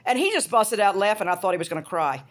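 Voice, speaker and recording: A woman's voice: mid-range voice, sing-song, fast talker. A middle-aged woman holding forth in a loose, rambling monologue. She is blunt and swears freely, jumping from one thought to the next in a casual, unscripted way. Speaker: hairdresser and vlogger.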